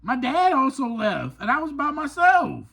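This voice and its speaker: A man's voice: huge pitch swings, normal speed, vocal fry, husky. Earnest, emphatic man with a swooping voice. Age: adult. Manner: earnest and emphatic, swinging between raised passionate peaks and low quiet asides. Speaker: podcast host. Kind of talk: personal reflective monologue.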